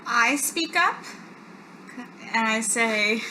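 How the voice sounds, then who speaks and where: A woman player presses with pointed questions in a bright, slightly high voice. Faint noise sits beneath her. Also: measured pace, poor audio.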